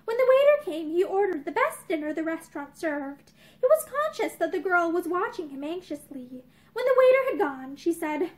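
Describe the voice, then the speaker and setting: A woman's voice: very high voice, sing-song, normal speed. A young woman reading a novel aloud expressively, with small restarts, in a room with bookshelves. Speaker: reader of a novel.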